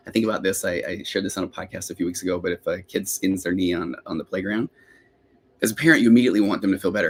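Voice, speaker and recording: Middle-aged man, lowish voice, quick rambling therapist host on a live Q&A podcast. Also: steady tone, slightly rough. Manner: rambling, self-interrupting, chatty.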